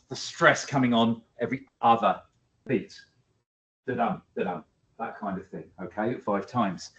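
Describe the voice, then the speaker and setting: A male teacher giving a lecture to students, emphatic and animated, with frequent ums and uhs. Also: medium pitch. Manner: emphatic, varies loudness, many fillers. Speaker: English teacher. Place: school hall. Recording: echoey hall, dull lo-fi sound.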